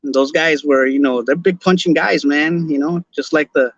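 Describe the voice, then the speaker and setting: A Chicano man from Los Angeles chats loosely on his podcast stream, speaking in a slightly higher voice and tripping over his own restarts. The sound is dry and a bit dull. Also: steady tone, normal speed, no echo. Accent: Chicano English. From Los Angeles, California. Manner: laid-back slangy talk, many restarts and repeated words. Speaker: podcast host. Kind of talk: casual live-stream chat.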